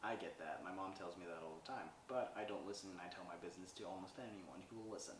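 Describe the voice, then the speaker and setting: A man's voice: low voice, fast, far from the mic, very noisy. A man hosting a podcast, recapping a movie in a rambling, chatty way and acting out the characters' lines. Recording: roomy sound from away from the mic.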